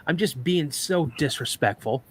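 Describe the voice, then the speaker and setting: A man telling a personal story on a live podcast, animated, acting out sounds and voices as he goes. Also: a little high, normal speed, breathy edge.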